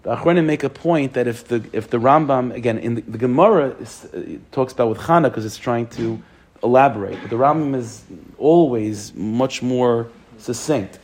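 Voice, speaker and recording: A rabbi teaching a text class, reading each phrase aloud and then explaining it. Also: male voice, mid-range voice, moderate pace, a little mellow. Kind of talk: text study lesson.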